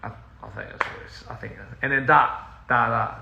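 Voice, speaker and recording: A man's voice: medium pitch, fairly even intonation, brisk, creaky, reverberant, highs cut off, background noise. A man chatting casually to viewers on a livestream from his house, rambling, easily sidetracked, laughing often and slipping in Korean and bits of other languages. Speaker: recording artist on a livestream. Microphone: phone livestream.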